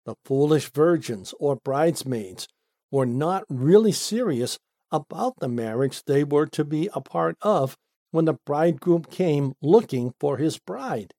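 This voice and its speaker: Slow, mellow-voiced man teaching scripture. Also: lively intonation, dry recording, clean studio sound. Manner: deliberate, stressing single words with sudden lifts in pitch. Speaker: Bible teacher. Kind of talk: read-aloud Bible study commentary.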